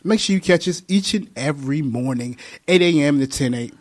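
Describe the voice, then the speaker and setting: A man's voice: on the high side, lively intonation, brisk. A man hosting a radio talk show, greeting listeners upbeat and reading out contact details. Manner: upbeat, hypes the audience, reads out contact info.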